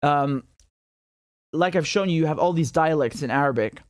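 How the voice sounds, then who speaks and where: A man's voice: on the high side, moderate pace, no room sound, clean studio sound. A man in a casual, rambling explainer who walks through a map with many fillers and self-corrections and chuckles now and then. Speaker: political commentator.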